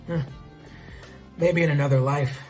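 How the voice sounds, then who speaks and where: A man's voice: a little high, steady tone, a little slow, faint music behind, close to an everyday voice. A man playing a dry, laid-back agent.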